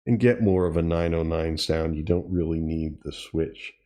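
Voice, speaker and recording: A man hosting a tutorial, casually demonstrating gear and thinking aloud with pauses and self-corrections. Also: extremely low pitch, fairly even intonation. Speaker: tutorial host. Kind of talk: casual demo while playing. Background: drum machine sounds he is playing.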